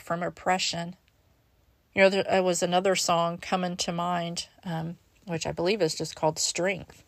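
A woman's voice: lowish voice, no room sound. A woman hosting a devotional podcast, reading scripture and reflecting on it in an earnest way, sometimes stumbling over repeated words. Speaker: podcast host.

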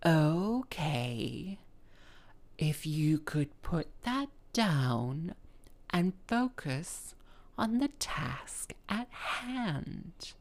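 A woman voicing a condescending male vicar who talks down in a hushed, clipped way. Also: low voice, very animated, very slow, exaggerated voice.

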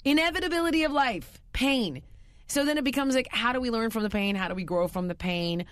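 A woman's voice: on the high side, animated, a little fast, no echo, studio quality. A woman hosting an advice talk show, speaking bluntly and emphatically in casual chat. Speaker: radio advice show host.

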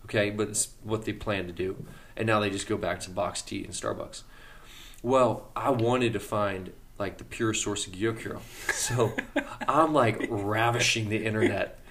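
A man who is a health practitioner, chatting on a health podcast and telling a story with excitement, often laughing as he talks. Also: fairly low pitch, moderate pace. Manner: excitable storytelling, laughs through his words. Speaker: health practitioner and regular expert on a health show. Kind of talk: casual podcast chat.

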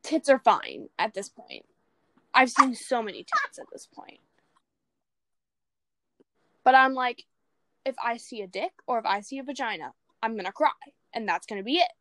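A young woman in casual chat, telling stories in an animated way and acting out quoted lines. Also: a little high, moderate pace, pauses often, no room sound. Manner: animated storytelling, acts out quotes.

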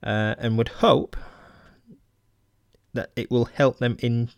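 A man's voice: medium pitch, steady tone, takes it slowly, creaky, dry recording. Dry-voiced Mancunian man musing aloud. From Manchester, England. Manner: hesitant, many ums and restarts, wry asides. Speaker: podcast host. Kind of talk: casual solo podcast reading old magazine articles aloud.

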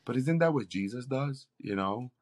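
A man's voice: mid-range voice, lively intonation, moderate pace, darkish tone. A man, a campus pastor, telling a faith story in an interview with an earnest, preacherly delivery. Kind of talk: interview testimony.

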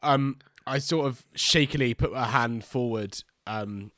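A man playing in a tabletop role-playing game, voicing his frightened character in jumpy, high bursts. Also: a little slow, fairly bright tone, no room sound, clean studio sound. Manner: acts out panicked character lines. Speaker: player.

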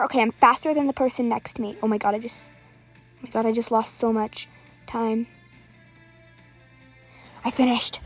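A female gaming creator narrates her play as it happens, with an excitable, slightly high voice. She rattles off items in quick bursts and now and then sinks into a nervous whisper, with soft game music playing underneath. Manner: excitable, calls out items rapidly, drops to whispers. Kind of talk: live gameplay commentary.

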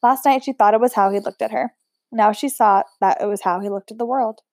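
A woman's voice: a little high, a little fast, dry recording, studio quality. Woman reading a novel aloud. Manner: steady reading with chatty asides. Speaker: audiobook reader.

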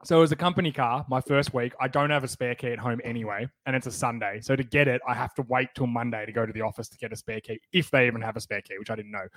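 Australian guy, young adult, mid-pitched, dry close sound, deadpan. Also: fast, few pauses, no echo, rough recording. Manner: wry, deadpan interjections. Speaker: podcast co-host. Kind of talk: casual chat.

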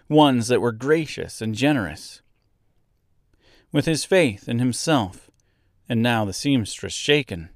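A man reading a storybook aloud as narrator, in a slow, measured, even way. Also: medium pitch, no echo, studio quality.

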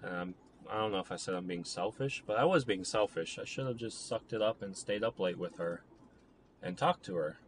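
Low-voiced young man rambling over traffic noise. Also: brisk. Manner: rambling, full of "like", reenacts both sides of a conversation. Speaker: vlogger. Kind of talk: casual personal storytelling. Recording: steady traffic and vehicle noise outdoors.

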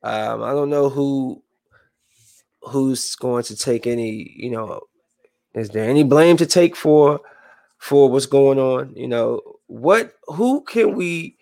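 Speaking slowly with vocal fry, a medium-pitched man reads headlines in a flatter tone from a room with a window, then rambles and vents about them casually, pausing to react. The recording is clean studio sound with no room noise.

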